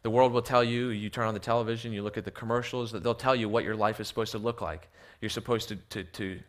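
A man's voice: on the low side, fairly even intonation, fast talker. A man preaching a sermon in a church with slides. He often repeats words as he restarts and asks the audience rhetorical questions. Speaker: missionary preacher.

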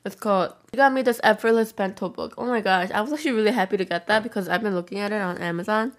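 A young vlogger eats on camera while chatting casually with her viewers, talking very fast in a middle-pitched voice. She rambles through a story full of filler words, acting out what other people said.

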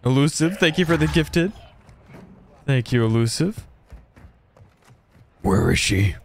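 A man's voice: mid-range voice, big pitch swings, slow pace, creaky. A man streaming a shooter game, chatting casually, reacting aloud and thanking donors as he plays. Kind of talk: casual gameplay commentary.

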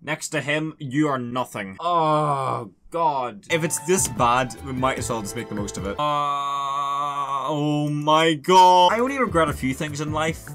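A man's voice: medium pitch, very animated, brisk, hardly any pauses, fairly bright tone, faint music behind. A man casually commentating a car-building game, sarcastic and swearing a lot as he mocks his own creation. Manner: sarcastic, swearing, self-mocking. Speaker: gaming YouTuber.

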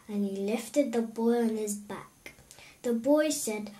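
A woman reads a rhyming children's picture book aloud in a gentle, sing-song way. Her voice is high, and she takes her time with every line. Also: fairly even intonation, takes it slowly. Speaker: storyteller.

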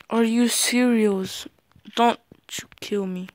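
A high-pitched teenage boy hosting his own gaming video, talking slowly and loosely between bursts of excited yelling. His voice cracks whenever he shouts at the game. When he signs off, he trails into plenty of ums. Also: clear, resonant tone. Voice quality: voice cracks on loud yells. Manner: excitable, yelps and shouts at the game, hesitant fillers in the outro. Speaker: gaming channel host. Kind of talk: gameplay commentary.

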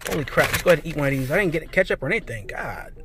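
A man eating and reviewing fast food in a parked car, talking excitedly and calling his viewers "guys" and "man". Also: fairly high pitch. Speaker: food vlogger. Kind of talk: casual food review vlog. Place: parked car, traffic passing outside. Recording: faint road noise from inside a car. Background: cars passing by.

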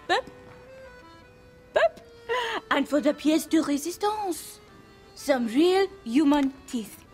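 A woman's voice: sits high, lively intonation, slow pace, darkish tone, faint music behind. A woman playing a boastful, gleeful female waxwork maker in a comedy sketch. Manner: boastful, cackling, showy.

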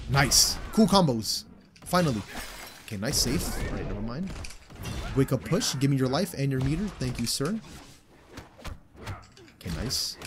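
A young man giving live commentary over a fighting game he is playing, excitable and swearing, swinging from low mutters to loud outbursts. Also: noisy background. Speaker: gaming channel host.

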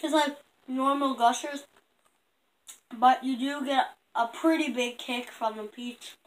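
A woman's voice: high voice, fairly even intonation, slow, low-quality recording. A young woman chatting casually with viewers during a taste-test vlog. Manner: chatty, addresses viewers directly. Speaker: vlogger.

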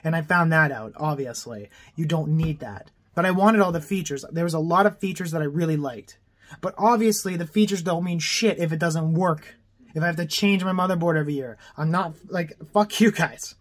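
A young man from Canada vents straight to his viewers, heated and exasperated. His voice sits a little high, and he swears freely as he rants. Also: a little fast. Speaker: vlogger. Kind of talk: angry rant to camera.

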